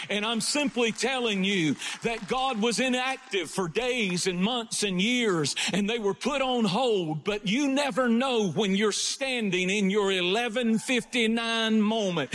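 Male preacher with a high voice, fervent sermon delivery that alternates between impassioned peaks and slower, quieter narrative. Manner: rising to impassioned shouting, then slowing to low storytelling.

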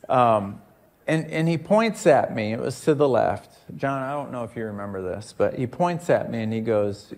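A man delivers a sermon to a congregation in a church. He preaches like he is telling a story, talking plainly, then repeating key phrases for emphasis. His pitch sits in the middle range. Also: animated, measured pace, a little mellow. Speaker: pastor.

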